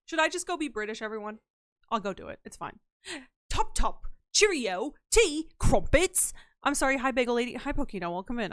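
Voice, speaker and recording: A woman's voice: on the high side, fairly bright tone, clean tone, dry recording, clean studio sound. A woman streamer chatting casually and playfully with her live chat, teasing and slipping into silly voices.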